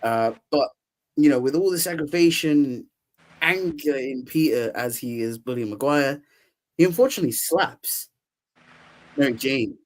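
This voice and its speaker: A man's voice: medium pitch, a little slow. A young man hosting a podcast, casually recapping a film with lots of laughter and acted-out quotes. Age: young adult. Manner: animated, laughs often, acts out quotes. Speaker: podcast host. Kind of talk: casual movie recap chat.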